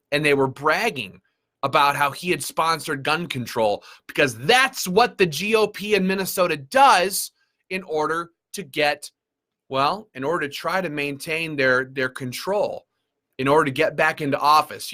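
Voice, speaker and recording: Fired-up guy ranting, lots of sarcasm, kinda high voice, sharp tone. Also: normal speed. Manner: emphatic and sarcastic, with repeated phrases. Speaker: gun rights group leader. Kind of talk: impassioned advocacy commentary.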